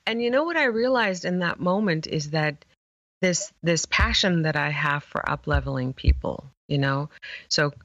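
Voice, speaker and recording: A woman image therapist, a guest in an interview, telling stories passionately with emphatic pauses. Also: low voice, expressive, fairly bright tone, no echo, muffled recording. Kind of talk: emotional storytelling interview.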